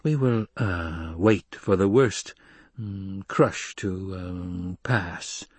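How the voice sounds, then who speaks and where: A man voicing a shrewd, calculating count in an audiobook, dry and deliberate with small hesitations. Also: on the low side, darkish tone, slightly rough, no room sound. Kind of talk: audiobook character voice.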